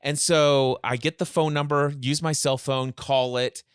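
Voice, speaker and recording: Animated male storyteller, dry sound. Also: medium pitch, unhurried, smooth, no echo. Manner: animated storyteller, acts out both sides of a phone call. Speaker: podcast guest, mindset coach. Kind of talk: storytelling in a podcast interview. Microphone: remote call.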